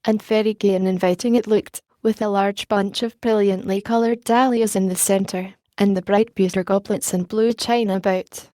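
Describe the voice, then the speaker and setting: A woman narrates an audiobook in a measured, even storytelling style. Her mid-range voice is dark and mellow, captured in a dry, close recording.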